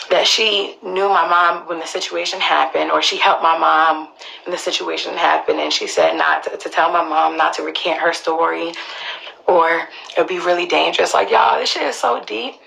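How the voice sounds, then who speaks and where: A woman's voice: on the low side, creaky, sharp tone, low-quality recording. A woman, telling her own story to viewers in an emphatic, profane way. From Queens, New York. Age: early 20s. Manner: emphatic, profane, restarts often.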